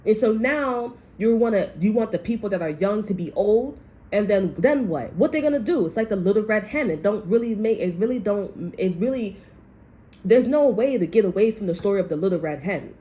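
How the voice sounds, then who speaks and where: A woman's voice: medium pitch, lively intonation, a little fast, mellow. A woman giving a casual tarot reading, talking in a blunt, profane, rambling way. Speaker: tarot reader.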